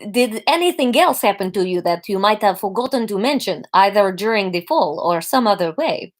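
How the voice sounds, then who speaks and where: A woman voicing a wary female doctor with a put-on Russian accent, questioning slowly and carefully in a read-aloud story. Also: mid-range voice, expressive, lightly acted. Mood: wary concern. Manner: slow, careful, faintly annoyed questioning. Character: wary female doctor, middle-aged, probing.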